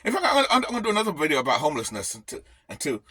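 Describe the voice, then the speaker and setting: A man's voice: on the high side, huge pitch swings, rapid-fire, sharp tone, slightly rough, no echo. A man ranting bluntly on his vlog from his camper van, swearing freely. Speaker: vlogger.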